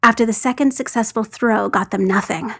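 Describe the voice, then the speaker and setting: A woman reading a fan story aloud with lively storytelling. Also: on the high side, fairly quick. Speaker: podfic reader. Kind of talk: scripted narration.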